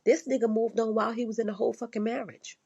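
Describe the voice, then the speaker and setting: Woman, husky voice, casual profane rant, blunt and repetitive. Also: on the high side, flat delivery, fast talker, a little mellow, lo-fi sound. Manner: blunt and profane, repeats herself for emphasis.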